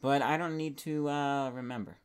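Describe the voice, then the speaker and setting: A young man rambling and musing aloud while playing a game, often trailing off mid-thought in a soft, casual voice. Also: medium pitch, steady tone, normal speed, clear, resonant tone. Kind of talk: casual gaming commentary.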